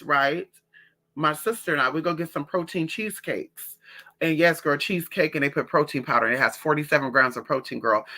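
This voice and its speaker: Sassy woman chatting on a livestream. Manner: sassy, animated storytelling with big pitch jumps when quoting people. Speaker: livestream host. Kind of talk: casual livestream chat.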